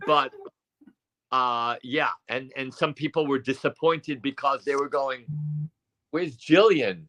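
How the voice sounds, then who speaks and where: Older male guest, slow and rambling, lots of restarts. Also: mid-range voice, steady tone, bright, forceful tone. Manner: rambling, halting, many fillers and restarts. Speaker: psychic medium co-host. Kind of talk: casual chat. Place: at home.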